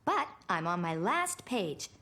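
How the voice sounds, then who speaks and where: A voice actress playing a young mother, patient and gently firm with her child. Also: fairly low pitch, very animated, slow, full character voice. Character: warm, calm young mother. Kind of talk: cartoon voice acting.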